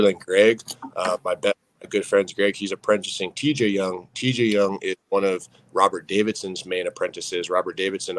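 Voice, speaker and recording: A young man with a very low voice tells a personal story on a podcast, and he talks quickly. His delivery is earnest and candid, full of fillers and restarts that keep pulling the listener in. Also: low-quality recording. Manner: earnest, heavy on fillers like "you know what I mean". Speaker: podcast guest.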